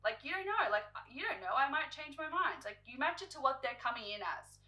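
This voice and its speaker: A woman's voice: sits high, expressive, brisk, sharp tone, poor audio. A young woman in her twenties telling a story to camera as a beauty vlogger, exasperated and chatty, heavy on filler words and acting out quotes.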